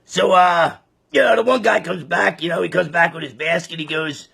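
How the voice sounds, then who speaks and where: Gravelly, raspy man telling a crude joke. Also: high-pitched, steady tone, moderate pace, bright, forceful tone. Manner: crude, rambling with fillers. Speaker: joke teller. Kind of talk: casual storytelling.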